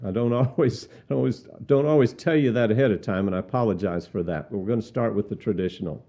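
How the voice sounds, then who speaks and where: A man teaching how to lead a cappella hymn singing, speaking deliberately, repeating words and singing hymn lines as examples. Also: on the low side, mellow. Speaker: song leading instructor. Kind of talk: instructional demonstration with sung examples. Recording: slightly dull, muffled sound.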